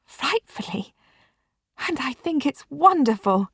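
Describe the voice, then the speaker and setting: A woman's voice: sits high, sing-song, takes it slowly, vocal fry, a bit bright, dry recording, studio quality, voice pushed up, heavily acted. A woman voicing an anxious, polite young girl in a storybook reading. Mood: eager.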